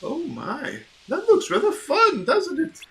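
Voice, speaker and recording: A man's voice: very high-pitched, huge pitch swings, slow pace, pitched above the performer's own voice, exaggerated voice. A man putting on a fussy, proper old owl. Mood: concerned.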